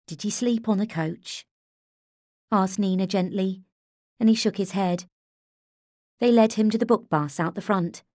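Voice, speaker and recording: A woman narrating an audiobook in a measured, unhurried way, close to the mic. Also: fairly low pitch, a little mellow, no echo. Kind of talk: scripted narration.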